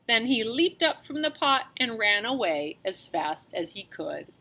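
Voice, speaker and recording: Woman reading a kids' storybook, slow, bright, lively pitch. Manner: animated, expressive. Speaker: teacher reading aloud. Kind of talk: storybook read-aloud.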